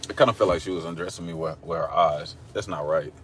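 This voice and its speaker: Oklahoma guy with a country drawl, kinda low voice, rambling and joking on a live stream from his car, faint road noise. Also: fast talker, a bit bright. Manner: rambling, joking, talks to viewers directly. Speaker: livestreamer. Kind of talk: casual livestream chat. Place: in a car at a drive-thru. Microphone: phone camera.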